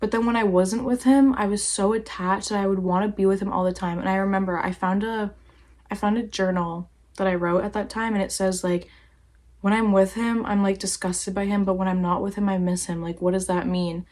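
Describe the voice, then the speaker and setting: A woman's voice: mid-range voice, fairly even intonation, brisk, a little mellow. A young woman talking casually to camera, rambling through a personal story with lots of fillers and swearing. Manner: rambling, heavy use of "like", swears freely. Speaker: vlogger.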